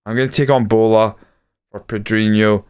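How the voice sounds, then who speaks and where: A man giving casual play-by-play commentary over a football management video game, muttering asides and getting excited at chances. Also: fairly low pitch, moderate pace, clear, resonant tone. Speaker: gaming YouTuber.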